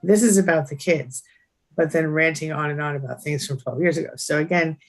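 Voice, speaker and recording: Casting: low-pitched woman host, reads comments, agrees readily. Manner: reads viewer comments aloud, quick agreeing replies. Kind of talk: casual live-stream chat.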